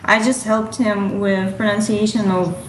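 A woman's voice: mid-range voice, level tone, a little slow. Woman, roomy faint-noise sound. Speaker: dialect coach guest. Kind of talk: casual panel chat.

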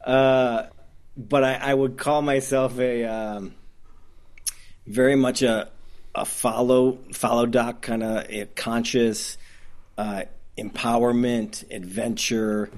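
A man's voice: medium pitch, little pitch movement, slow, a little mellow. A man from Detroit with a Midwestern accent, a documentary filmmaker talking in a casual interview, enthusiastic and rambling with many restarts. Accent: Midwestern American. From Detroit, Michigan.

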